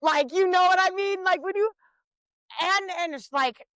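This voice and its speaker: A young woman co-hosts a podcast, telling rowdy family stories with plenty of swearing. Her voice sits high and bright. The sound is dry and close, with no room around it. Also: normal speed, dry recording, rough recording. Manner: profane, loud storyteller. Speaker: podcast co-host. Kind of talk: casual chat.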